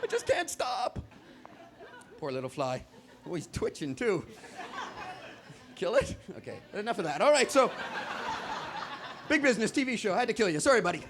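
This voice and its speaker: Man stand-up comic, high lively voice, rambling and chatty, faint crowd behind. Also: fairly quick, pauses often, background noise. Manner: rambling, conversational, putting on little voices for bugs. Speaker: stand-up comedian. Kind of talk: stand-up comedy. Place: stage in front of a live audience.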